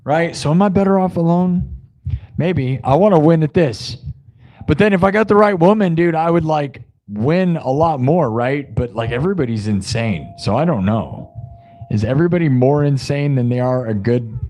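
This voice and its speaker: Young male streamer, casual rambler, slightly high voice. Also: lively intonation, moderate pace, darkish tone. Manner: rambling, laid-back, full of "dude" and "like". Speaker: live-stream musician host.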